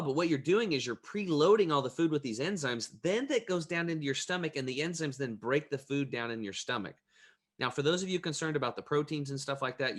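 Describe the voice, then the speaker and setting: A man speaking as an interview guest, an energetic, emphatic and plain-spoken storyteller. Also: mid-range voice.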